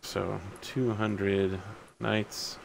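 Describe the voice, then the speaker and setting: A man casually narrating as game master for a tabletop game, quick and joking. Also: on the low side, little pitch movement, gravelly, a little hiss or hum.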